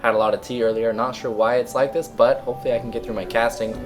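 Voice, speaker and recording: A young man casting a game with a hoarse, raspy voice from a sore throat, keeping it laid back and now and then clearing his throat. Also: medium pitch, flat delivery, quick pace, music in the background. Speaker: esports caster. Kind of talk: relaxed game commentary.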